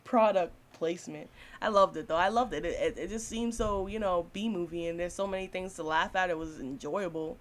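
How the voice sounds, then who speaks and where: A woman's voice: fairly low pitch, brisk. A woman giving a casual, blunt spoken film review, swearing freely and laughing often.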